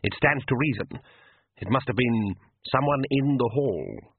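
A man's voice: medium pitch, animated, a little slow, husky, no room sound. A man voicing a pompous vampire count who talks with heavy, condescending patience, over a tinny radio broadcast.

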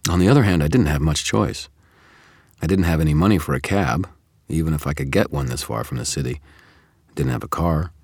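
A man narrating a first-person audiobook chapter in a measured, steady way. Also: very deep voice, no echo, studio quality.

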